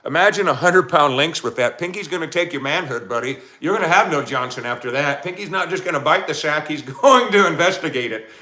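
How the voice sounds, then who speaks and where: A man's voice: fairly high pitch, expressive, a little fast, few pauses, pushed and bright. A man hosting a casual live stream, laughing often and talking straight to his chat. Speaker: livestream host.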